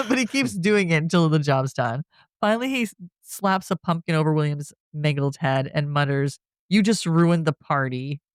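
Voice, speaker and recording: A woman's voice: deep voice, animated, moderate pace, no room sound. A woman co-hosting a podcast, casually retelling a movie plot and laughing often as she goes. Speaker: podcast co-host. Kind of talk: casual movie recap chat.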